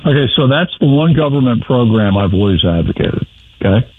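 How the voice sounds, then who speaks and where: A man's voice: medium pitch, expressive, brisk, breathy edge, no room sound. Blunt wry man on a phone line. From New York. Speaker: guest commentator. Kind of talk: political talk radio discussion.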